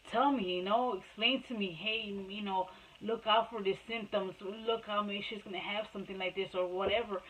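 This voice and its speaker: Woman vlogging a personal story, mid pitch, chatty and full of fillers. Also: a bit bright, slight background noise, rough recording. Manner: rambling, lots of "like" and restarts; switches between Spanish and English. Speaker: mother telling her life story.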